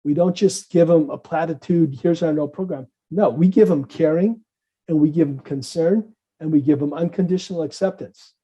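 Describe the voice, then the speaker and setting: A man's voice: a little high, moderate pace, highs cut off. A middle-aged man from the Midwest, a psychiatrist and interview guest, telling a story with acted-out dialogue. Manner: animated, acts out dialogue in different voices.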